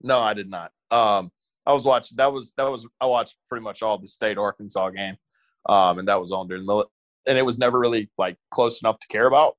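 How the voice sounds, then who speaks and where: A man's voice: lowish voice, a little fast, a bit bright. A man co-hosting a casual sports podcast, talking in a dry, matter-of-fact way. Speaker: podcast co-host.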